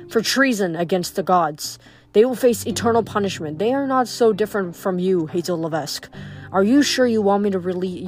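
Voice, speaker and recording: Woman reading as male god of death, storybook, calm, measured, solemn. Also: mid-range voice, lightly acted. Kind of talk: audiobook reading.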